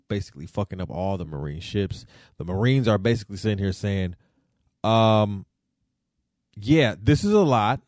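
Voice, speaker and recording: A man hosting a podcast, giving casual, slangy commentary that swings into animated rants. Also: deep voice, dry recording, studio quality. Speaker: podcast host.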